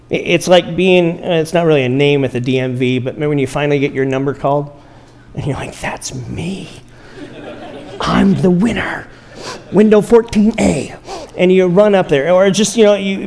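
A man preaching a sermon, telling a story in a conversational way with rhetorical questions and slow pauses for emphasis. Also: a little high, a little mellow. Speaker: pastor.

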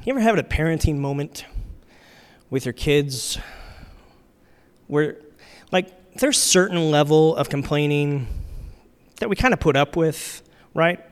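A man's voice: on the high side, measured pace, long pauses, clear, resonant tone. A middle-aged man, a pastor, preaching in a conversational, candid, self-deprecating way. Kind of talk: sermon. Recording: hall reverb.

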